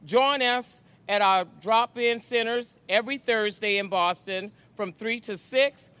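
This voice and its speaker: Guy from a nonprofit listing ways to help, high bright voice. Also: a little slow, clean tone. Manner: steady, listing calls to action. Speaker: nonprofit representative. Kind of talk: read-out announcement speech.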